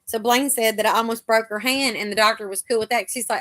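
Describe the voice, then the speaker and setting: A woman's voice: fairly high pitch, steady tone, quick pace, fairly bright tone. A middle-aged woman, hosting a casual live chat and telling chatty stories, acting out what the doctors said. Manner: chatty storyteller, acts out the doctors' lines.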